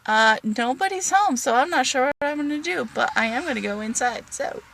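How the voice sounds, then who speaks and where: A woman's voice: sits high, animated, brisk, creaky, fairly bright tone, a little hiss or hum. A woman vlogging casually about her day at home, candid and chatty. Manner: chatty, candid, sing-song with her cat. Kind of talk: casual video diary. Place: at home, bedroom.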